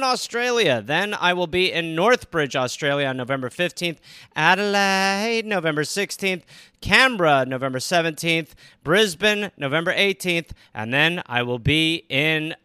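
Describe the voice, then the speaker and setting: A man's voice: high voice, pushed and bright, clean tone, no room sound, clean studio sound. A man co-hosting a podcast, reading out a promo announcement with a plain list of dates. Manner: listing dates in a quick plain read.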